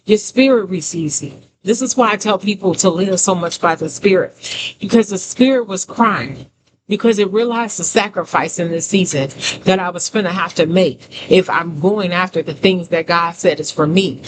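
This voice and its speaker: A woman giving a conversational testimony sermon as a prophetic teacher, emphatic, repeating phrases and talking straight to her listeners. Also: lowish voice. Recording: noisy background hiss.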